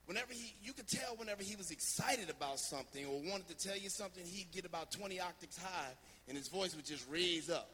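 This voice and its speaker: A man from New Jersey preaching a sermon, telling a story in a lively, anecdotal way with many fillers. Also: high-pitched, quick pace, hardly any pauses, in a large hall, a little hiss or hum. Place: church sanctuary.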